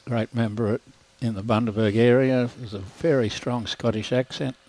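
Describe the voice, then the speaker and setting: A man's voice: mid-range voice, fairly even intonation, normal speed, darkish tone, poor audio. Australian man calling lawn bowls. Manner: dry, joking banter between calls. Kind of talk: live sports commentary.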